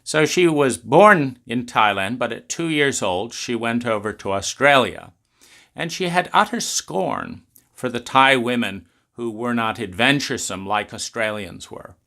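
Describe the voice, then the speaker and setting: A man speaks in a measured, deliberate way, stretching out key words as he builds his argument. His voice is bright and forceful, and he lets the ideas land slowly. He leans on rhetorical questions to drive his points home. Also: medium pitch, expressive, creaky. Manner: unhurried, questioning, drawn-out emphasis. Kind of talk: philosophical talk.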